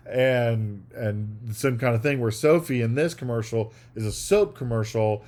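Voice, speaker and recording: A man's voice: medium pitch, moderate pace, few pauses, a little mellow. A man co-hosting a podcast in casual chat, rambling and acting out scenes he describes. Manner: rambling, acts out quoted scenes. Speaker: podcast co-host.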